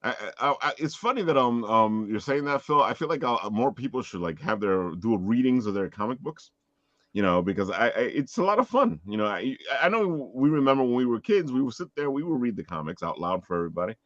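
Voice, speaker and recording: A man hosting a casual group chat, animated and laughing often. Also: medium pitch, fairly quick, no echo, lo-fi sound. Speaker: podcast host.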